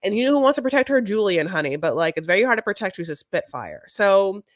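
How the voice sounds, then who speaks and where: A woman's voice: mid-range voice, fast, no room sound. A young woman recapping a reality show in casual, gossipy chat, calling people "honey". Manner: animated, gossipy, fond of "honey". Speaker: podcast co-host.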